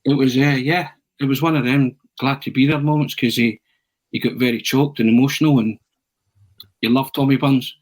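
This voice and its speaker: A man telling a long, animated anecdote on a podcast. He restarts often and drops in "eh" between phrases. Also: mid-range voice, moderate pace, rough recording. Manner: animated storyteller, frequent restarts and "eh". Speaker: podcast pundit.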